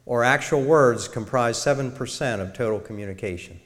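A middle-aged man giving a sermon-style talk to a church congregation in a measured way, illustrating his points. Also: medium pitch, fairly bright tone. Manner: measured, demonstrates tones of voice. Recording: long reverb of a large hall.

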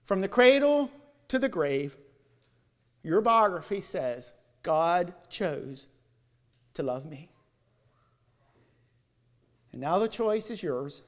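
A man giving an evening sermon as a lay preacher, leading listeners through guided imagery that builds and then softens. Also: sits high. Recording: long church hall reverb.

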